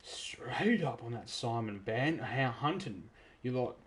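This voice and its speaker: A man from South Australia with an Australian accent, giving chatty, excitable live commentary while streaming a game. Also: mid-range voice, slow, slight background noise. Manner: chatty, excitable, self-interrupting. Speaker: gaming streamer.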